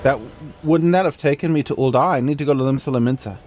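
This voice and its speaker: A man's voice: mid-range voice, fast, background noise. A man streaming a game, thinking aloud in a chatty, self-deprecating way. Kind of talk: casual gameplay commentary.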